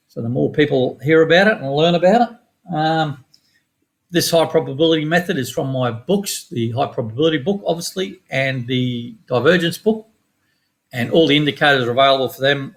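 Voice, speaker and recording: A middle-aged man with an Australian accent walking through his forex trades in a quick, casual, matter-of-fact way with some slang. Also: fairly high pitch, creaky. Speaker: forex trading educator. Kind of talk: screen-share chart walkthrough.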